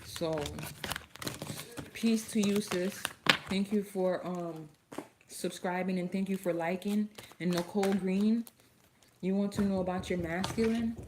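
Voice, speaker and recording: A woman's voice: mid-range voice, fairly even intonation, unhurried, noisy background. A woman in her thirties giving a live spiritual reading, soothing and affirming as she speaks to listeners as "beloved". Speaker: spiritual card reader.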